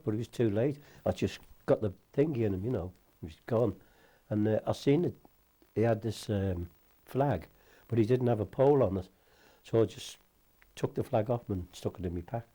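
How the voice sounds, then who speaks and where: An elderly man recounts his memories in a loose, rambling interview, sprinkling in mild curses as he goes. His voice sits low and sounds very dark and mellow. He talks like someone chatting at home. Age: older. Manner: rambling anecdotal, salty, mild swearing. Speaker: war veteran interviewee. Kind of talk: casual storytelling interview.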